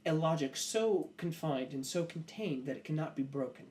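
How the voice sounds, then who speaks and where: Casting: man doing a formal, hesitant schemer in a tabletop game, slightly high voice, faint room noise. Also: animated, moderate pace, darkish tone, natural voice. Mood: scheming. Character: smooth scheming male noble, ambitious.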